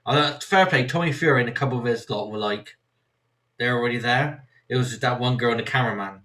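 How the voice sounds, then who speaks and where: A man from Somerset with a West Country accent hosts a relaxed chat, rambling through stories. His bright voice carries easily, and he slips into quoted voices as he talks. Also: mid-range voice, fast talker. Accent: West Country English. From Somerset, England. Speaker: podcast host. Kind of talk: casual chat, storytelling.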